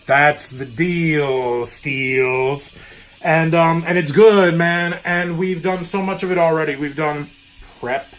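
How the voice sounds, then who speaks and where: A man's voice: fairly high pitch, fairly even intonation, moderate pace, rough recording. A man hosting a playful cooking vlog in his home kitchen, riffing hyped wisecracks while he cooks. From Brooklyn, New York. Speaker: cooking show host.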